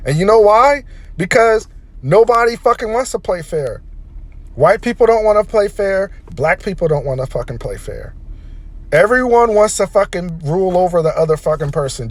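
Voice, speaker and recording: A man delivering a heated, profanity-laden opinion rant as a vlogger. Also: high-pitched. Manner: heated, profane, emphatic ranting.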